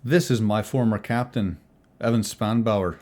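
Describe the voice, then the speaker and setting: A man narrating a tabletop role-playing game as game master, theatrical and animated. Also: on the low side, unhurried.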